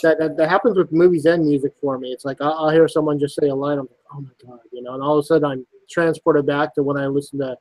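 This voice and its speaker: A man guesting on a casual podcast, talking quickly and eagerly about movies and music. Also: fairly high pitch, steady tone, a little mellow, poor audio. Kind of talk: casual chat.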